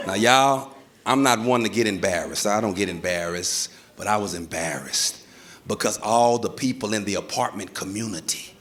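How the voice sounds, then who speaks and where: A man's voice: lowish voice, normal speed, crowd noise, noisy background. A male stand-up comedian telling a story on stage, acting out voices and sound effects. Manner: animated, acts out voices and sounds. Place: comedy stage before a live audience. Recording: live stage recording with audience laughter.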